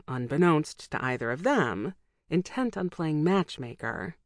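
A woman reading a first-person audiobook in a steady, intimate and reflective manner, close to the mic. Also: deep voice, no echo. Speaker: audiobook narrator.

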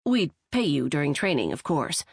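Woman doing a courteous hotel manager guy, calm and businesslike, low voice. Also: normal speed, gravelly, slightly rough, dry recording, clean studio sound, heavily acted. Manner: polite, businesslike.

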